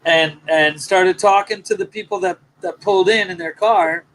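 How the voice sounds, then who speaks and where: Man, casual chat, storytelling, slightly high pitch, faint background noise. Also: steady tone, moderate pace, a bit bright, low-quality recording. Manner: storytelling, interjects to defend himself. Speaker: livestream co-host.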